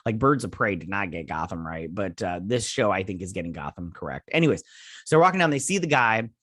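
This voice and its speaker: A man's voice: sits low, big pitch swings, fairly quick, a bit bright, no room sound, studio quality. A man hosting a show, casually recapping and reviewing a TV episode in a rambling way, full of fillers, swearing freely. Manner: rambling retelling, many fillers like "like" and "he's all like".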